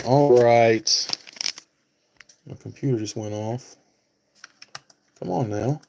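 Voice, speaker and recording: A man's mid-range voice comes through slow and creaky, a little mellow, with a faint hiss or hum. He's hosting a laid-back live stream, answering chat viewers by name and thinking out loud with plenty of fillers.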